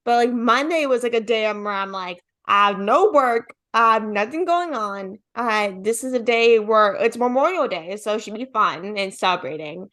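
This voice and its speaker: A woman's voice: fairly high pitch, expressive, moderate pace, few pauses, a bit bright. A young woman, a podcast host, chatting casually and saying "like" again and again. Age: young adult. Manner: chatty, says "like" constantly. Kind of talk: casual interview chat.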